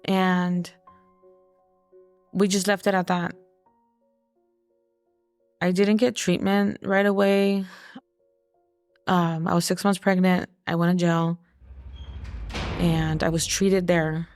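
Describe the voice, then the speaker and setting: A young adult woman telling her own life story in a halting, hesitant way, full of fillers. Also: fairly low pitch, little pitch movement, a little mellow, faint music behind. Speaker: podcast guest sharing her story. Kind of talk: personal testimony.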